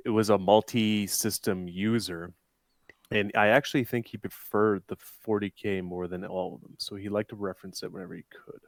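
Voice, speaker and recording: Brief: Canadian male co-host, lowish voice, deadpan, dry close sound. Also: normal speed, no echo. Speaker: podcast co-host.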